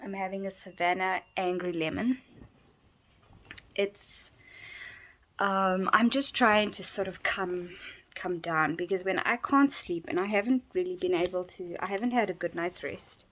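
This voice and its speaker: With a somewhat low, slightly bright voice, the tired vlogger rambles on from her bedroom. She keeps yawning, halting and beginning her sentences over.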